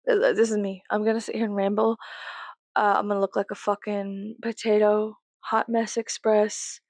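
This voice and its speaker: A woman's voice: medium pitch, little pitch movement, moderate pace, a little mellow, no room sound. A woman, rambling casually to the camera in a profane, self-mocking way, laughing often. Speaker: vlogger.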